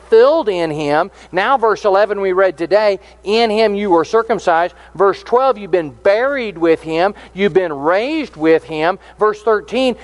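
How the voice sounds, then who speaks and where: High-voiced man preaching a sermon. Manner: earnest, explanatory, reads scripture aloud.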